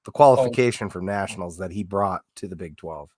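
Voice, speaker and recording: A man's voice: low voice, a little fast, a little mellow, no room sound. Rambling man on a dry mic. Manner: rambling storyteller, lots of fillers and restarts. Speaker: podcast co-host. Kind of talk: casual sports chat.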